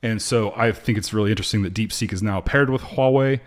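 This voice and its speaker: Deep-ish voiced podcast host guy, reads headlines steady then chats. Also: fast. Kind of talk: reading headlines then casual chat.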